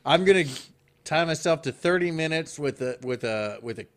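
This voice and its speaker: Self-mocking man, a bit higher voice. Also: animated, normal speed, fairly bright tone. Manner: self-deprecating, laughs at himself. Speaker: podcast co-host. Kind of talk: casual chat.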